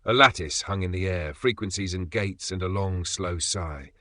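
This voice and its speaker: A man reading an audiobook in an even, measured narration. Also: deep voice, dry recording, studio quality.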